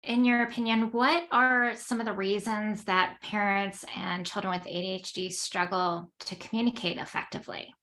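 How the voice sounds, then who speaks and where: A woman interviewer at a middling pitch. She reads out her prepared questions in a plain, even way. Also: moderate pace, few pauses.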